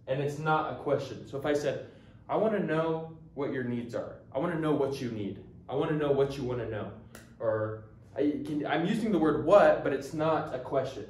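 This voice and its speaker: A man giving a casual language lesson, explaining in a relaxed way with many ums and restarts. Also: medium pitch. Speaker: language teacher. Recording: echoey room, mic at a distance.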